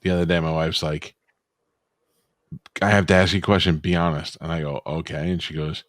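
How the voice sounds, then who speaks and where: Low-voiced man swearing through casual podcast banter. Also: little pitch movement, fairly quick, fairly bright tone, no echo, studio quality. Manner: profane, storytelling banter. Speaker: podcast co-host. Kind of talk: casual chat.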